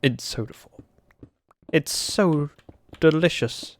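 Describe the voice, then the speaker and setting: A man's voice: a little high, takes it slowly. A young man streaming a block-building game, chatting and joking with his viewers as he plays. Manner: chatty, joking, reads out chat messages. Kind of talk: casual livestream chat while playing.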